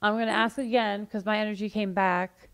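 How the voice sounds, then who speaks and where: A woman's voice: medium pitch, fairly even intonation, a little fast, fairly bright tone, clean tone. A woman co-hosting a live spirit-box session, earnestly pleading and calling out to spirits. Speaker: paranormal investigator host.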